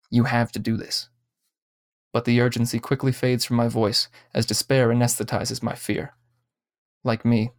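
A man narrating short stories aloud with steady, even pacing. His voice is mid-pitched, and the recording is close and dry, with no room sound. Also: no echo. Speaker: story reader. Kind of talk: scripted narration.

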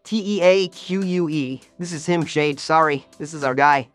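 A woman's voice: low-pitched, normal speed, pitched below the performer's own voice, close to an everyday voice. A woman voicing a dry, matter-of-fact male dispatcher, with faint music behind.

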